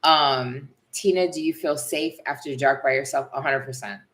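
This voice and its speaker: A middle-aged woman from the United States chatting casually as a vlog co-host, animated and storytelling. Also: extremely low pitch, normal speed. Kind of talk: casual live chat.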